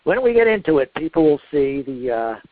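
Man chairing meeting over phone line. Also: a little high. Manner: relaxed, many fillers, drawn-out pauses. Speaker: committee chair. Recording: dry phone-line audio.

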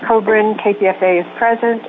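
Brief: woman calling roll on a tinny, hissy phone line, brisk and businesslike. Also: medium pitch, steady tone. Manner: brisk, businesslike listing of names. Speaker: board secretary taking roll call. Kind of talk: reading a roll call on a conference call.

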